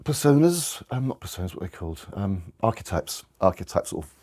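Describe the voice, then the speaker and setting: A man's voice: sits low, very animated, fairly quick, darkish tone. A man giving a conversational slide talk to an audience, often restarting and correcting himself. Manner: rambling, restarts, self-corrections.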